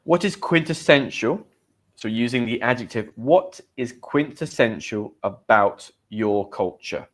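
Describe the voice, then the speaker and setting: A man's voice: medium pitch, animated, a little slow. An Englishman teaching English expressions in a chatty, upbeat live stream, repeating key words and reading viewers' comments. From England. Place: home in Spain.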